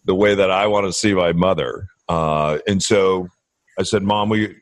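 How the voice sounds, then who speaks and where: A man's voice: sits low, fairly even intonation, moderate pace, no room sound. A middle-aged man hosting a casual interview, talking reflectively and often repeating words as he thinks. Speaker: podcast host.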